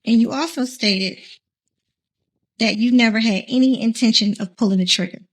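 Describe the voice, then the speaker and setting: A woman's voice: fairly high pitch, moderate pace. A woman prosecutor cross-examining a defendant and delivering a closing argument in a pointed, accusatory manner.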